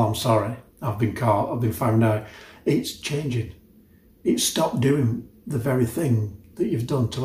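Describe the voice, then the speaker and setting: A man's voice: mid-range voice, warm tone, reverberant, a little hiss or hum. A man preaching a sermon, earnest and conversational, with frequent asides to the listeners. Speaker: pastor.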